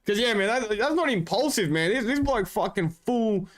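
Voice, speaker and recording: A man's voice: sits high, animated, moderate pace. An Australian man streaming, rambling in slangy casual chat with his viewers and swearing a lot.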